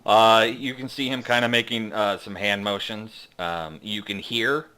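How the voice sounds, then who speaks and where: A man narrating a tabletop game as game master, halting with many fillers. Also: on the low side, steady tone, pushed and bright, clear, resonant tone.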